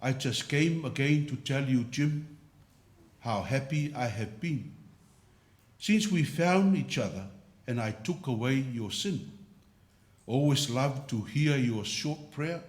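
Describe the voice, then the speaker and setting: A man speaking as Jesus, a tender divine friend, in slow, gentle words. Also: mid-range voice, expressive. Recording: roomy church reverb.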